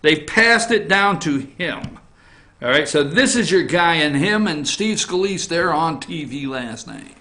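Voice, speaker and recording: A man hosting an opinion show from an office, animated, jumping between loud outbursts and muttered asides. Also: fairly high pitch, measured pace. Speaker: host. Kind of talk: opinion commentary on news and politics.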